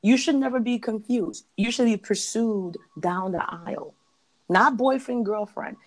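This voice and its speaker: A woman's voice: a little high, unhurried. A woman on a podcast, giving emphatic relationship advice in a casual, conversational way. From parents from Jamaica.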